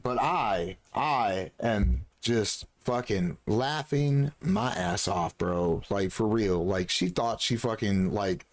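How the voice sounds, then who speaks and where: Heated ranting and lots of cursing mark this man's casual talk as he streams a game live. Occasionally he puts on a shrill voice to mock other people.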